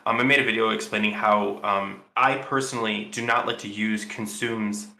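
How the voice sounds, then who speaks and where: A man with a bright, forceful voice, a little low in pitch, chatting on a podcast. He rambles and restarts as he thinks aloud, and his voice rings in a roomy, echoey space. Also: fairly even intonation, normal speed, gravelly. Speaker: podcast co-host. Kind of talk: casual podcast chat.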